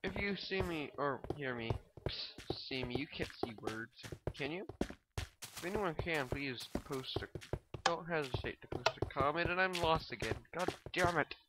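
A woman's voice: deep voice, moderate pace. A woman casually commenting on her gameplay, chatting to the characters on screen, swearing and giggling as she goes. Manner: excitable, swearing, giggly, talks to game characters. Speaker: let's play gamer. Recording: loud background noise.

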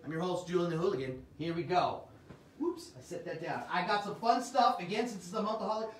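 A man hosts a livestream sales show with lively salesman patter, calling out to his viewers. His voice sits high. The sound is roomy and picked up from a little way off the mic. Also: quick pace, distant mic. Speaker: host. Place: Arizona.

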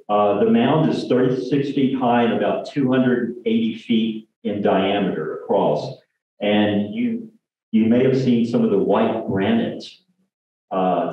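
In a church hall, a man speaking as a layperson meanders through a presentation, stumbling over fillers, starting sentences again and tossing in jokes. His voice is lowish and warm. A far-off microphone captures him with the echo of the sanctuary and a muffled, low-fidelity quality.

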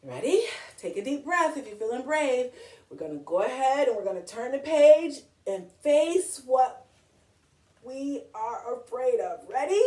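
A woman's voice: high voice, moderate pace. A woman reading a picture book aloud to children, asking them questions and coaxing them along. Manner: animated, questions to young listeners. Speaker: storytime reader. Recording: echoey room, distant mic.

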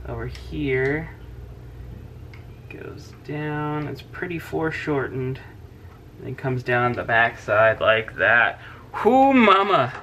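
A man's voice: on the high side, a bit bright, a little hiss or hum. A man hosting a casual drawing tutorial, chatty and teasing as he narrates each stroke. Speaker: host, drawing teacher.

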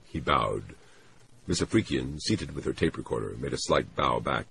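Deep guy reading a novel out loud, lots of ups and downs, steady pace. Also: normal speed, gravelly, background noise. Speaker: reader. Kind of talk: novel read aloud.

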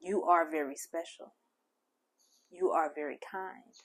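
A woman hosting a spiritual channel, speaking gentle, heartfelt affirmations straight to the listener. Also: low-pitched, steady tone, measured pace, slightly rough. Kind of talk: affirming spiritual message to the viewer.

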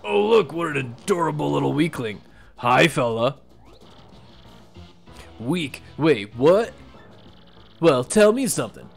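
A man's voice: a little high, animated, takes it slowly, gravelly, long pauses, soft background music, pitched above the performer's own voice, heavily acted. A man playing a cocky brawling wrestler, growling. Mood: taunting. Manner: swaggering trash talk, growls and laughs. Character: boastful hulking male wrestler bird, loud and cocky.

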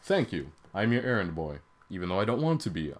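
A young man hosting a casual let's play, goofy and jokey, swinging between mumbles and loud outbursts. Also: sits low, big pitch swings, a little fast. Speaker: game streamer host. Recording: faint game music behind.

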